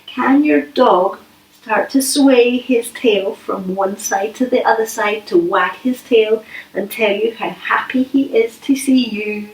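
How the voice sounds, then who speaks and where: A woman leading a yoga class for children, speaking gently and playfully with coaxing questions. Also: on the high side, slow pace, slight background noise. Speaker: yoga teacher. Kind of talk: guided kids' yoga class. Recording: echoey room, voice from a distance.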